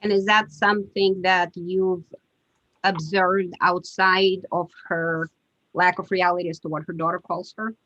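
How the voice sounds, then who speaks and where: Woman attorney, remote hearing, lowish voice, hesitant fillers, dry lo-fi call audio. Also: flat delivery, bright, forceful tone, no room sound. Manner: measured, hesitant with frequent fillers. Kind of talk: courtroom questioning over video call. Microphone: video call.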